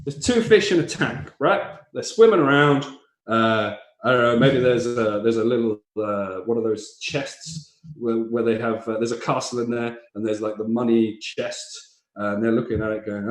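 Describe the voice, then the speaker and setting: A man's voice: mid-range voice, normal speed. A man teaching stand-up comedy, explaining how jokes work and acting out silly little voices. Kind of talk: explaining joke structure, live online session. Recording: echoey room.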